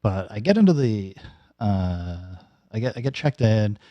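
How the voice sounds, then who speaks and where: Low, dark-voiced man telling a story. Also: very animated, a little slow, dry recording. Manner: rambling, many fillers and restarts. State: recovering from nose and throat surgery. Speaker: YouTuber giving a personal update. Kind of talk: casual storytelling vlog.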